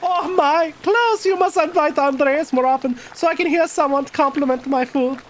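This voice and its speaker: A man voicing a gracious middle-aged woman offering food, in a raised falsetto-like voice from a game. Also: moderate pace, a little hiss or hum. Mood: sweet.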